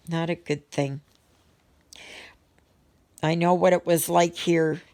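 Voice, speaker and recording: A woman's voice: low-pitched, vocal fry, a little mellow. A middle-aged woman chatting casually to her viewers in a rambling way, full of ums and restarts. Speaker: vlogger. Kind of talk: casual chat to viewers while stitching.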